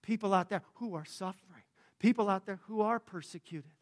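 High-voiced man preaching a lively sermon. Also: a little fast. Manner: conversational preaching, swinging from hushed to fervent. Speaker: pastor.

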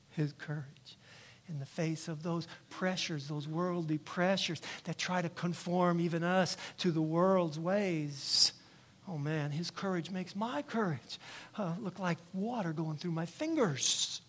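A man's voice: fairly high pitch, a little slow. A male pastor preaching a sermon in church, emphatic and repetitive, often checking in with "right?".

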